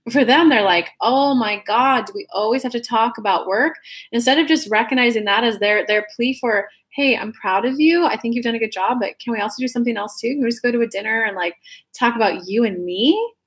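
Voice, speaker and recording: A woman's voice: on the high side, a little fast. A woman giving a casual tarot reading to her viewers, chatty and rambling, often restarting her sentences. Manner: talks straight to viewers as "guys". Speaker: tarot reader.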